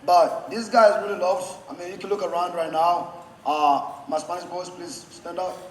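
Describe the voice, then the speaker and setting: A man giving a best man's toast, choked up and holding back tears, halting with many fillers and restarts. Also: high voice, fairly even intonation. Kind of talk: wedding toast. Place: wedding reception hall. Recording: echoey reception hall with faint background noise.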